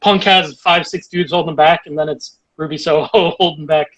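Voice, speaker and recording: Casting: high-pitched male co-host, blunt sarcastic delivery. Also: steady tone, normal speed, a bit bright. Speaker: podcast co-host. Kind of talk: casual wrestling review chat.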